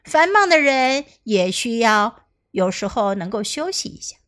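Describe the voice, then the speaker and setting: A woman reading as a kind, patient woman who drives a book wagon, in a gentle, encouraging way. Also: fairly high pitch, sing-song, unhurried.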